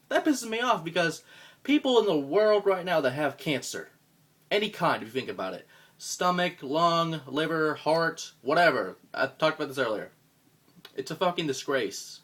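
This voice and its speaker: A man cutting a scripted wrestling promo as a roleplayer, profane and contemptuous, swinging from low mutters to loud outbursts. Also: very animated, moderate pace.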